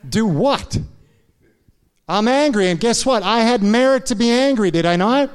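A man's voice: very high-pitched, animated, normal speed, clean tone, big-room sound. A man preaching a sermon in a church, telling a candid personal story and checking in with the congregation with frequent asides. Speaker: pastor. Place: church sanctuary.

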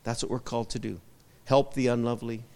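A man's voice: mid-range voice, level tone, fast talker, darkish tone. Man preaching with long hall reverb. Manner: call-and-response preaching, asking for amens; repeats short emphatic phrases. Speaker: pastor. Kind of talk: sermon.

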